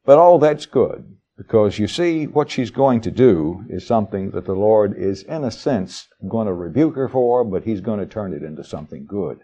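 A man preaching a sermon, reading Bible verses and explaining them in a homely, chatty way. His voice sits low and warm, and his pitch swings widely as he leans into the words. He often turns to the congregation with asides. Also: animated, normal speed, few pauses. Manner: folksy, conversational asides to the congregation; reads verses aloud with shifting dramatic emphasis.

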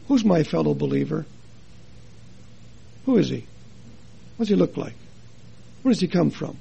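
A man preaching a sermon in a chapel, earnest and full of rhetorical questions, his loudness rising and falling for emphasis. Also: on the high side, gravelly, breathy edge.

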